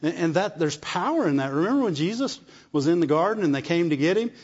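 A man delivers a sermon in a fairly high voice, checking in with the listeners and repeating phrases as he builds his point. His voice carries a long reverb from a large hall. The sound is dull and muffled. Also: big pitch swings, fast talker, a little mellow, breathy edge. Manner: call-and-response asides, repeats phrases. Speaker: preacher.

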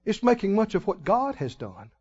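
A man preaching a sermon as pastor, folksy and emphatic, with sudden loud swells and drawn-out words. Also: high-pitched, wildly swooping pitch, breathy edge. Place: church sanctuary. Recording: muffled recording in a reverberant church hall.

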